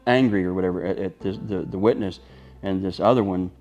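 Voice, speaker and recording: A man's voice: sits low, fairly quick, darkish tone, highs cut off, soft background music. A man in an interview, speaking thoughtfully and searching for his words. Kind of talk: casual conversation.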